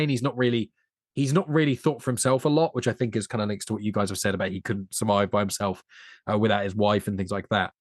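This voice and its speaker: Male podcast co-host, mid-pitched, earnest and analytical, dry close mic. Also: dry recording. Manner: earnest, analytical, rambles on at length. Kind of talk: casual film discussion.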